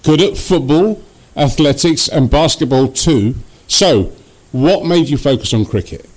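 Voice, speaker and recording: A man hosting an interview show, animated and quick to laugh. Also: a little high. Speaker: host.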